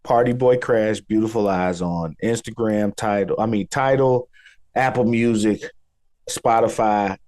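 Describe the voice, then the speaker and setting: A man with a Chicago accent chatting casually as a podcast guest, easygoing and relaxed. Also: lowish voice, measured pace. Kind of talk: casual chat.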